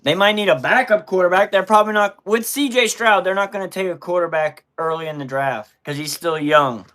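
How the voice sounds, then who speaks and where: A man's voice: sits high, a little fast, fairly bright tone. A man hosting a casual live stream, talking through mock draft picks in an easygoing way while telling his kids what to do.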